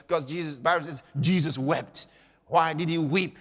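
High-voiced dramatic male preacher. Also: sing-song, measured pace. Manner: dramatic, shouting at peaks then dropping quiet, acts out scenes. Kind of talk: sermon. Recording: echoey hall.

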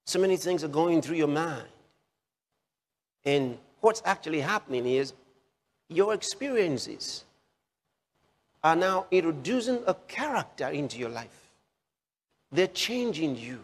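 A man delivers a sermon in a fairly high voice, putting questions straight to his listeners. He repeats key phrases again and again for emphasis. His voice carries a long reverb tail. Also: expressive, unhurried, long pauses. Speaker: preacher.

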